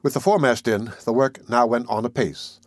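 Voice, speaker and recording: A man narrates a novel in the first person with a measured, dramatic delivery. His voice sits at a middle pitch. The recording is close and dry, with no room echo. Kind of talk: audiobook narration.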